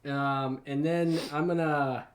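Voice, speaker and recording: A man playing a tabletop game, chatting eagerly about his character's moves and sometimes clearing his throat. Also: on the high side, steady tone, slow. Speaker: player. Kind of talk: casual tabletop gaming chat.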